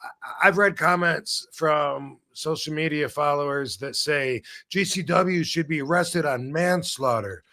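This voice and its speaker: A middle-aged man hosting a casual live-stream chat, rambling and animated, swearing freely as he talks over a video call. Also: on the high side, measured pace. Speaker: show host. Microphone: video call setup.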